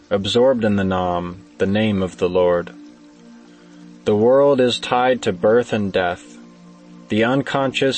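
A man giving a measured, solemn devotional scripture reading. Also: on the low side, low-quality recording. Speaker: scripture reader.

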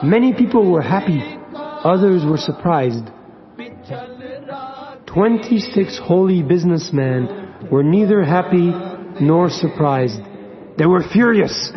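A man narrating a story in a slow, deliberate way, in a lo-fi recording with soft music behind. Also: high voice, lively intonation.

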